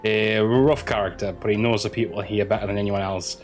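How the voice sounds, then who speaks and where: A man's voice: fairly low pitch, steady tone, a little fast, soft background music, lightly acted. A man reading out an earnest male investigator. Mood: steady. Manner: reads quest dialogue aloud, stumbling on words.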